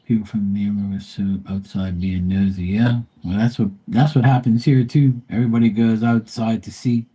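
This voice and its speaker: A man holding forth in casual live-stream chat, blunt and profane as he rants. His voice is dark and mellow, with a husky edge to it. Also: fairly low pitch, steady tone, moderate pace. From Bermuda.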